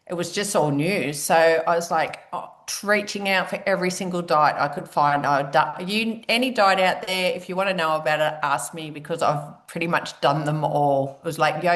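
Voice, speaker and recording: A woman tells her own story as a guest speaker, chatty and casual. Her voice sits a little low, and she brings her past self to life as she talks. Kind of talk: personal story talk.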